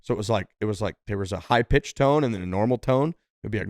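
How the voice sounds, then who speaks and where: A man tells a long, loose story on a podcast, peppering it with "like" and "dude" and acting out other people's lines. His voice sits a little low, and the sound is dry and close with no room echo. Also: animated, quick pace, hardly any pauses. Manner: rambling, lots of "like" and "dude", quotes others in different voices. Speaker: podcast co-host. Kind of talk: casual storytelling.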